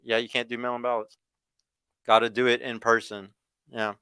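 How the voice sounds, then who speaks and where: A young man with a drawl rants heatedly on a podcast livestream, tripping over his own words and repeating himself. His voice is bright and forceful, crisp and clear, and the recording is close and dry. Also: mid-range voice, little pitch movement, moderate pace, dry recording. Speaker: podcast host.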